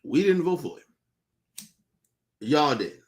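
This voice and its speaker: A man delivering a heated, profane rant as a podcast host, shouting and repeating himself. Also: on the high side, lively intonation, slow.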